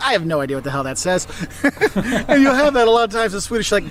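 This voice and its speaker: A man presenting a travel video to camera outdoors, talking in a lively, jokey way with exaggerated asides. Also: high-pitched, fast talker. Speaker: travel vlogger.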